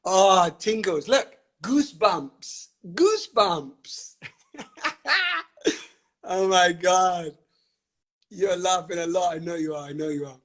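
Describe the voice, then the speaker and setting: This live-stream host speaks slowly in a high voice with a fairly bright tone, leaving long pauses. Captured on a webcam or phone, he talks with fiery, emphatic passion, laughing often and swearing freely.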